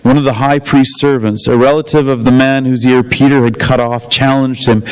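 A man's voice: medium pitch, little pitch movement, moderate pace, few pauses, a little mellow, low-quality recording. Man reading scripture aloud. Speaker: scripture reader. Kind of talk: Bible reading.

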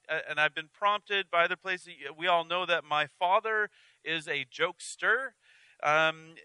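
A man as pastor preaches an earnest, conversational sermon, often restarting and adding asides. His voice is high, very bright and smooth. It is recorded close with no room echo.

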